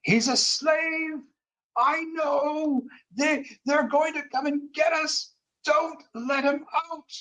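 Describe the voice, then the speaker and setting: Crazed old settler, screaming way up high, slow and wild. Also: male voice, steady tone, sharp tone, heavily acted, rough recording. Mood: livid screaming. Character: frantic, furious old settler man, shrieking warnings.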